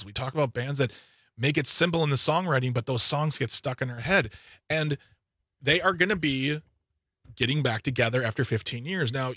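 Playful male radio host, dry studio. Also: no echo. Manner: animated, playful, wide swings in pitch. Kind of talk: casual radio chat. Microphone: studio microphone.

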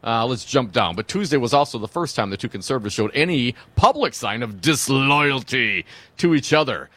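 A man's voice: mid-range voice, lively intonation, normal speed, fairly bright tone, no room sound. A man co-hosting talk radio, reading news copy with wry, conversational remarks.

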